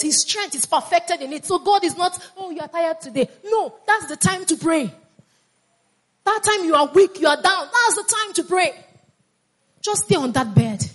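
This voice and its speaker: A woman preaching a sermon with fervor, repeating phrases and calling on the congregation to answer back. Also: very high-pitched. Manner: fervent, repeats phrases, calls on congregation to respond.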